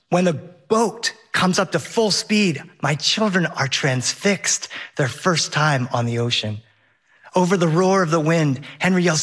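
A man's voice: fairly high pitch, a bit bright. A middle-aged man telling a personal story on stage, wry and vivid, with comic timing.

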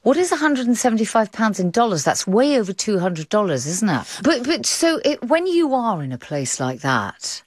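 A woman hosting a radio arts show, brisk, playful and conversational. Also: mid-range voice, sing-song, dry recording. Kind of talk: broadcast radio presenting.

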